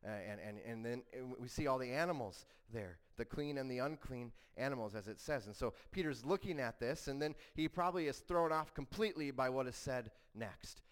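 A man's voice: medium pitch, lively intonation, brisk, hardly any pauses, clean tone. A male pastor preaching a sermon in a conversational way, often stopping to ask "right?" and restarting sentences.

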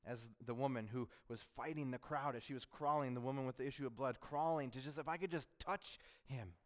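Man preaching a sermon. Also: mid-range voice. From United States. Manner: preaching with rhetorical questions, acting out voices of critics. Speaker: pastor.

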